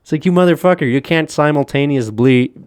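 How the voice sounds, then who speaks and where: A man's voice: fairly high pitch, a little fast, a little mellow, smooth, no echo, clean studio sound. A man co-hosting a casual podcast, ranting with lots of profanity and frequent laughter. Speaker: podcast co-host.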